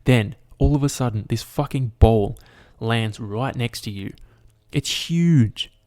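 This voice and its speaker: A man's voice: mid-range voice, a little slow. A man hosting a solo podcast, ranting and telling stories with heavy swearing and constant "like" fillers. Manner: animated storytelling to the listener. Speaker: podcast host.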